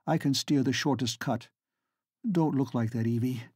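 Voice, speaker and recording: A man voicing a bold, quick-witted young Highland noblewoman who gives urgent commands, in an audiobook. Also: a little mellow, slightly rough, no echo, studio quality, close to an everyday voice. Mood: tense, low. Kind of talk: audiobook character voice.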